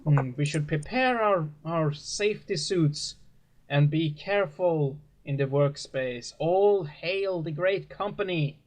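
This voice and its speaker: A man's voice: on the high side, pitched above the performer's own voice. A man putting on a pompous cult preacher. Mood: preaching. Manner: sermon-like, grand, slow and drawn out. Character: pompous preacher of a company cult, male, middle-aged.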